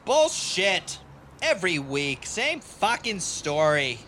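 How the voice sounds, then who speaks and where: A man's voice: sits high, sing-song, slow, pushed and bright, heavily acted. A man voicing a fed-up mother who swears and scolds her ex over child support. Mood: angry. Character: angry fed-up woman, mother of young kids.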